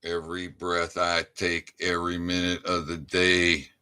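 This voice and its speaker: Older man, furious activist monologue, slow and deliberate, tense and sharp tone, loud bursts then low mutters. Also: completely flat delivery, clear, resonant tone. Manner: angry, ranting, swings from loud outbursts to low muttering. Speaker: activist channel host. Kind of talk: impassioned monologue.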